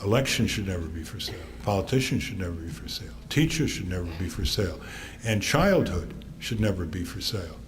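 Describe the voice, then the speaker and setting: A man in his eighties from Connecticut, giving a talk to an audience and telling wry family anecdotes with frequent pauses. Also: deep voice, lively intonation. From Connecticut, USA. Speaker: author giving a public talk. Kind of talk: storytelling speech to an audience. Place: theater stage. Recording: long theater reverb, faint noise.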